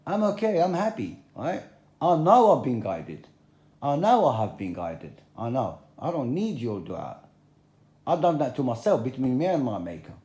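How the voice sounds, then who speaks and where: List: man, mellow voice, blunt confrontational rant, repeats himself, roomy echo. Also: mid-range voice, wildly swooping pitch, moderate pace. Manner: confrontational, repetitive, plain-spoken. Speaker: video blogger. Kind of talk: direct-to-camera religious rant.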